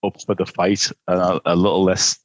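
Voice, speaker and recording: A man's voice: deep voice, level tone, normal speed, no echo, low-quality recording. A man co-hosting a casual film podcast, talking in a rambling, playful way with many restarts. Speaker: podcast co-host. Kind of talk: casual film review chat.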